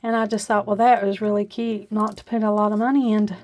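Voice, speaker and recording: Speaking quickly in a flat, slightly mellow medium-pitched voice, a woman walks viewers through her kitchen decorations in a casual show-and-tell vlog. She has an Appalachian accent and a homey, chatty manner full of "uh" fillers, chatting homily, and there's no room sound.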